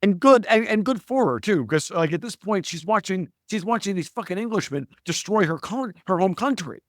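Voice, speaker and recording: A man's voice: high-pitched, lively intonation, no room sound, clean studio sound. Emphatic, profane male podcast guest. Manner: emphatic, profane, rapid digressions. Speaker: guest analyst. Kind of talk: animated podcast interview.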